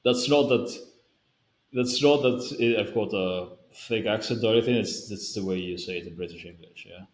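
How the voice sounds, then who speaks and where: A man from Spain chats to camera in answer to a viewer question. His voice sits on the low side and echoes around the room. He rambles and restarts sentences often. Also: moderate pace. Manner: rambling, self-correcting, with frequent fillers. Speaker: language-learning video creator. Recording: roomy echo.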